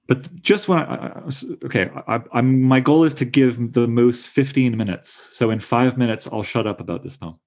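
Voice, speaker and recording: Guy in his 30s running a poetry chat, excited, lots of restarts. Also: mid-range voice. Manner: enthusiastic, halting restarts. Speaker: discussion leader. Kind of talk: casual literary discussion.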